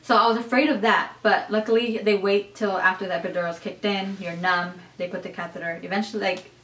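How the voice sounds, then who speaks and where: A young adult woman vlogger telling a personal story in a chatty, animated way, full of "like" and "you guys". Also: mid-range voice, brisk, recorded from a distance. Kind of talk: casual storytelling to camera. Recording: echoey room.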